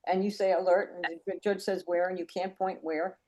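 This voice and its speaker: A woman's voice: on the low side, flat delivery, brisk, mellow. A woman teaching a dog nose work class over a video call, chatty and repeating her points for emphasis.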